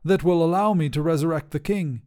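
A man's voice: fairly high pitch, fairly quick, dark tone, voice pushed up, close to an everyday voice. A man voicing a nervous, sly wizard who pleads and snaps in a raised, strained voice. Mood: pleading. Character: fussy, sly middle-aged male wizard.

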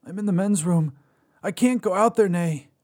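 A man's voice: high-pitched, normal speed, darkish tone, pitched above the performer's own voice. A man voicing a heartbroken young man who pleads with his ex, choked and breathless. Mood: pleading.

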